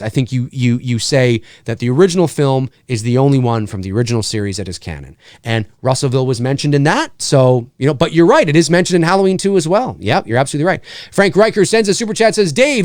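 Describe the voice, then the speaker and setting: A man hosting a casual livestream Q&A, answering viewer questions in an animated, rambling way and often repeating himself. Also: mid-range voice, dry recording, clean studio sound.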